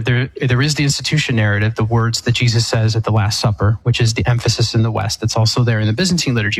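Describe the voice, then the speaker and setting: A man, an Eastern Catholic priest, explaining theology on a call-in show in a measured, thoughtful way with fillers and restarts. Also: medium pitch, slightly rough, poor audio.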